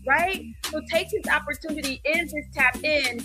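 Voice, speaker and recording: Loud, energetic woman hosting over hip hop. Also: high voice, normal speed. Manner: loud, energetic, sing-song preacherly delivery. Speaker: host. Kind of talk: upbeat livestream talk show. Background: hip hop music.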